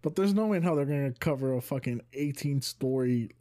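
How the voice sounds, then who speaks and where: A man's voice: mid-range voice, lively intonation, fairly quick, warm tone. A man co-hosting a casual podcast, talking in an incredulous, swearing way. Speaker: podcast co-host. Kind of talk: casual chat.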